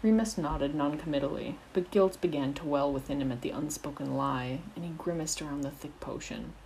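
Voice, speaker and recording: A woman reads fan fiction aloud in a steady, expressive storytelling manner. Her voice is low and mellow, with a faint hiss behind it. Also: a little fast, poor audio. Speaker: narrator.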